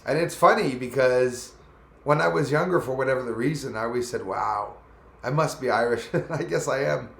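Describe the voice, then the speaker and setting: A man's voice: medium pitch, fairly quick, gravelly. A man chatting casually on a live stream, rambling easily and calling out viewers by name. His voice sits in a middle register. The room around him sounds echoey. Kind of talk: casual live-stream chat reading comments.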